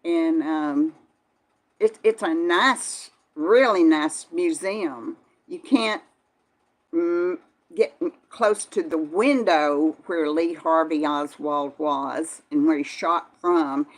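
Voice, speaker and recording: An older woman, talking in a slightly low voice. She chats easily and folksily, greeting viewers by name as she reads the live chat. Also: takes it slowly. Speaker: vlog host reading live chat. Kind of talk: casual live-stream chat.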